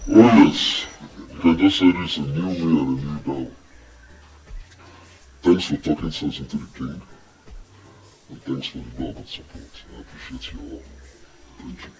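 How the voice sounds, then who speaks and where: A Nigerian man playing a smug, ambitious young royal prince in a film drama, gloating in a drawn-out, boastful way. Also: rumbling low, vocal fry, a little mellow, reverberant, far from the mic, low-quality recording.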